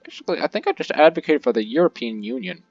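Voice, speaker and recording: A man's voice: a little high, big pitch swings, rapid-fire, creaky, a little mellow, dry recording, lo-fi sound, faint music behind. A man casually commentating his own strategy game playthrough, chatty and joking with viewers. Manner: chatty, jokey, reacts aloud to the game. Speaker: let's-play host.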